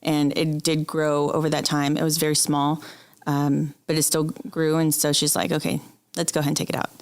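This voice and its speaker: A woman's voice: sits low, completely flat delivery, moderate pace. A woman guest speaking candidly and with emotion in an interview, telling a personal story.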